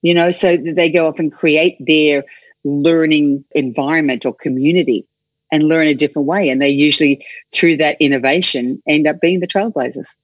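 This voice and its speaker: A middle-aged Australian woman, an enthusiastic, animated storyteller chatting as an interview guest. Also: sits low, moderate pace, no echo, highs cut off. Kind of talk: casual chat.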